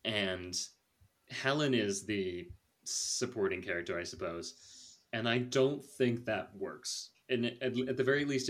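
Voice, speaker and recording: A young man hosting a casual movie review chat, chatty and animated, laughing often. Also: lowish voice. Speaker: podcast host.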